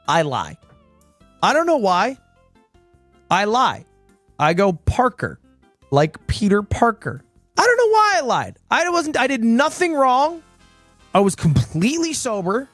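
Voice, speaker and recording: A man in his twenties telling a rambling story on his stream, swinging between low mutters and high exclamations. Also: no room sound. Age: 20s. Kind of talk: casual storytelling.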